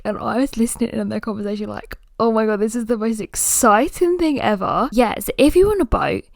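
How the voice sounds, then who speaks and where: A woman's voice: medium pitch, darkish tone, no room sound, studio quality. Tired, chatty young woman. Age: early 20s. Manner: chatty, rambling, lots of "like" fillers. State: tired and yawning. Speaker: podcast host. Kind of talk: casual solo podcast chat.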